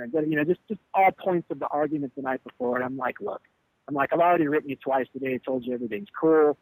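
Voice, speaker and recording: Guy ranting through a band backstage story, swears a lot, fairly high voice, dry close sound. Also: quick pace, vocal fry, no echo, poor audio. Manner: animated, profane, acts out quotes. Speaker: band leader telling a tour story. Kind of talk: candid interview storytelling.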